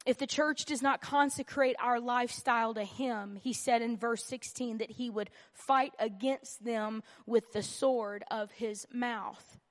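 A woman with a somewhat high voice teaches a Bible lesson at church. She talks in an earnest, conversational way, hammering points home by repeating them and slipping in jokes. Her voice carries a long reverb, as in a large hall. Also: fairly even intonation, measured pace, few pauses. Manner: earnest and emphatic, repeats key phrases; conversational with humorous asides. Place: church meeting room.

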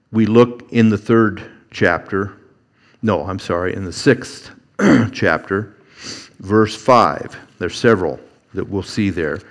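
A man preaching a sermon, slow and halting, with frequent restarts, who acts out quoted figures with a rising voice. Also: lowish voice. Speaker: pastor.

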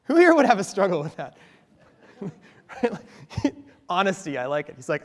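A man's voice: high voice, big pitch swings, fairly quick, in a large hall. A man preaching a sermon in a church, talking conversationally with playful asides to the congregation. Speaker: pastor.

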